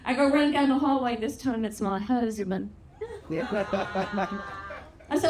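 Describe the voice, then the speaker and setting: A middle-aged woman from Louisiana with a Southern accent works a theatre crowd in a stand-up set. Her voice sits high and swings widely as she acts out quotes. The slow, brash delivery carries through a roomy hall with clear crowd noise behind. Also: lively intonation. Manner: brash, bawdy storytelling, big acted-out quotes. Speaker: stand-up comedian. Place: theatre stage with live audience.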